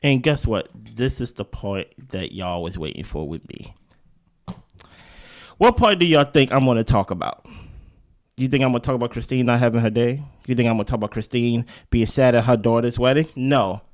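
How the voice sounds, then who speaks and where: A man's voice: medium pitch, animated, moderate pace. A man co-hosting a TV recap show, arguing his points animatedly and repeating them for emphasis. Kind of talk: casual reaction chat.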